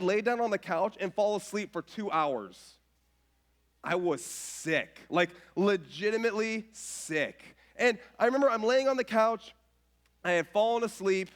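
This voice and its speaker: A man in his thirties preaching a casual, self-mocking sermon with stories, dropping to a soft voice when quoting others. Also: sits high. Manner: animated, self-mocking, drops to soft voice for quotes. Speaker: pastor. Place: church stage.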